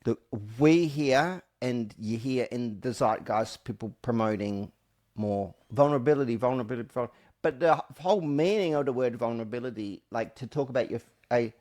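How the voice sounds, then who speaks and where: This podcast host is a man with a mid-range voice at normal speed, chatting casually. He's animated and jokey, often restarting sentences or letting them trail off.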